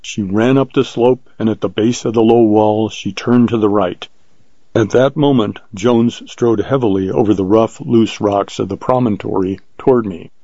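A man reading an adventure story aloud in a measured, vivid way, on a dull lo-fi recording. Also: on the low side, steady tone, mellow, no room sound. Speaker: narrator. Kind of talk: scripted narration of an adventure story.

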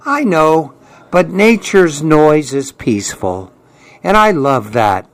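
A man doing a gentle old grandma, high voice. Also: sing-song, slow pace. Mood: tender.

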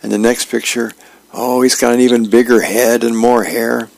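A man reading advice columns and newspaper comic strips aloud, in a plain, unhurried way with a few fillers. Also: medium pitch, little pitch movement, gravelly, darkish tone, no echo.

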